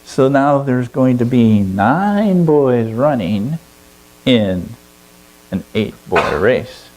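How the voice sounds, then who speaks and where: A man telling a long story to a fellowship gathering in an animated way, often chuckling. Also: mid-range voice, drawn-out words, poor audio. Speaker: speaker at a fellowship service. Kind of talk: storytelling sermon.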